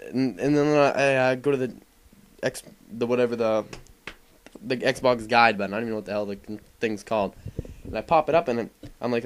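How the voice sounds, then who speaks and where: A man's voice: mid-range voice, fairly even intonation, a little fast. A young man giving casual, rambling voice-over commentary over gameplay, full of fillers and swearing. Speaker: gaming commentator.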